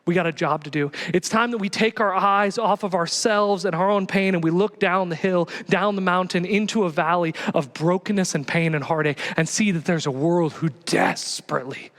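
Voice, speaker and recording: A man preaching a sermon as pastor, animated and emphatic, repeating key phrases. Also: sits high, moderate pace, hardly any pauses, big-room sound.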